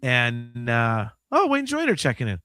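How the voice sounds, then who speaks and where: Animated fifty-year-old man, dry mic. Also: mid-range voice, measured pace, smooth, dry recording. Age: 50s. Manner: animated, swings from mumbling to loud outbursts; swears freely. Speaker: podcast host. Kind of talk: casual chat.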